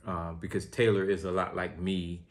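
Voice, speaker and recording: Guy in his 30s with a really low voice, chill and teasing, co-hosting a podcast. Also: level tone, normal speed. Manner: teasing, laid-back explaining. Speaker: podcast co-host. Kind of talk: casual chat.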